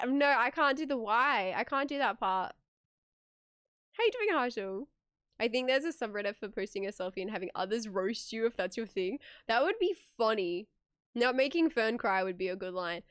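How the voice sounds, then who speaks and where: A woman's voice: on the high side, a bit bright, no room sound, clean studio sound. A young woman streamer chatting casually with her viewers, giggly and talkative, reading messages aloud.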